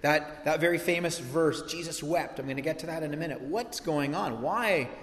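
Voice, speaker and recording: A man preaching a sermon as pastor, animated and conversational, with asides and restarts. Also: a little high, normal speed. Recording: echoey hall with long reverb.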